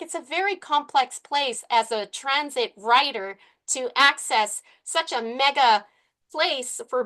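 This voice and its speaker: A woman's voice: high voice, pushed and bright. A woman speaking earnestly as a committee member at a public meeting, rambling with fillers and restarts.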